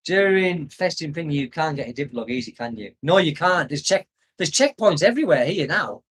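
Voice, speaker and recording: Older british guy rambling on about the old days in a livestream, laughs a lot, voice sits a bit high. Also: animated, normal speed, husky. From United Kingdom. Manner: rambling, nostalgic, laughs often. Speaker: expat vlogger reading live chat. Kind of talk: casual livestream chat. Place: home in the Philippines.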